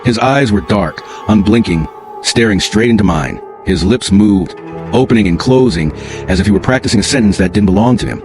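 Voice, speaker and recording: Low-voiced man narrating a horror story. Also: fairly quick, music in the background.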